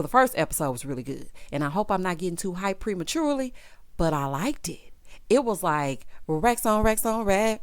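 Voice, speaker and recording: A woman with a sassy, dramatic delivery recaps reality TV and acts out the cast's lines. Her pitch swoops widely from line to line. The recording is dry and close, with no room sound. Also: dry recording. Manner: sassy and dramatic, acts out quotes, calls the viewer honey and child. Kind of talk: casual commentary recap.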